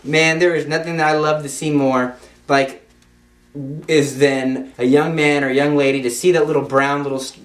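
A man's voice: on the high side, steady tone, moderate pace. A young man giving an informal Catholic devotional talk in an emphatic, repetitive way, with playful asides. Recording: echoey room, speaker off-mic.

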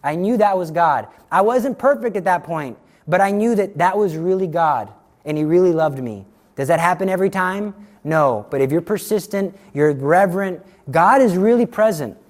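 A middle-aged man giving a sermon, telling a story with lively acted-out dialogue. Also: high-pitched, moderate pace. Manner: animated storytelling, acts out dialogue. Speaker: Catholic speaker.

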